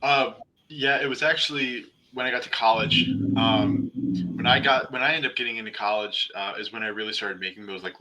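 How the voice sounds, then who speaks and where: A man from western New York with a low voice that still sounds very bright and edged. He co-hosts a relaxed faith-focused chat and speaks earnestly, poking fun at himself. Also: poor audio. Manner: earnest, self-deprecating, humorous. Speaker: podcast co-host. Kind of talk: casual faith-based chat.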